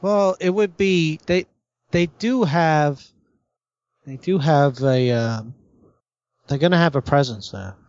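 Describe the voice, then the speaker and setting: Slightly high-voiced man, halting podcast chat. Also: a little mellow, dry recording. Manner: halting, restarts often, laughs easily. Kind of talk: casual gaming podcast chat. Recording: dull lo-fi podcast audio.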